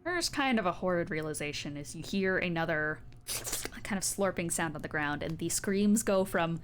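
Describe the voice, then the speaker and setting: A woman with a lowish voice narrates as game master, chatty and casual with easy laughter. A faint hum of noise hangs in the background. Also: expressive, moderate pace.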